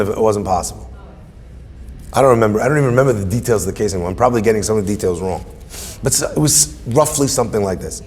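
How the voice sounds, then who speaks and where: A man's voice: mid-range voice, breathy edge, big-room sound. A man, a rabbi, telling a personal story in sermon style and acting out the dialogue. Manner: animated, acts out dialogue in quotes.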